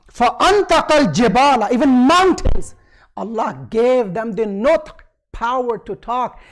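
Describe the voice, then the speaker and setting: Man preaching, quoting Arabic then explaining. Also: very high-pitched. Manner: quotes Arabic passages then explains in English; asks the audience questions and answers them himself. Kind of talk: sermon. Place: community centre hall.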